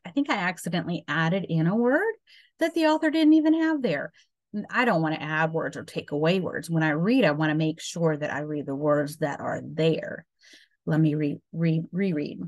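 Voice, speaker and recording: A woman's voice: sits low, moderate pace, darkish tone, no room sound. A woman teacher reading a children's chapter book aloud, with patient, explanatory asides.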